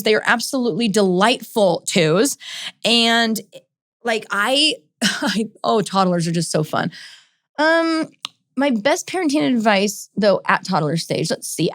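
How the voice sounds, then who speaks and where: A woman's voice: mid-range voice, dry recording. Brief: woman in her 30s, podcast host, heartfelt and rambly, dry close-miked sound. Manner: emotional, rambling, says "like" and "oh my gosh" often. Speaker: podcast host and ministry leader. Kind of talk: casual Q&A podcast chat.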